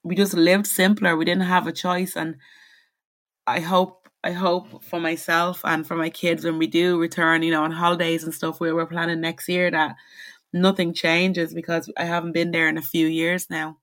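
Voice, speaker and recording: A woman's voice: fairly low pitch, little pitch movement, moderate pace, a bit bright. A young woman, raised in the Caribbean, speaking candidly and reflectively as an interview guest. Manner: candid and reflective, many restarts. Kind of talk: conversational interview.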